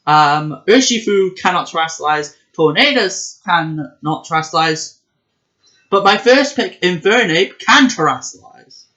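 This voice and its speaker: Chatty man with a slightly high voice. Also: expressive, measured pace, bright, forceful tone. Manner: chatty and self-correcting, with many fillers. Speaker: competitive video game player and channel host. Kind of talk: casual video commentary. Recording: dull lo-fi recording.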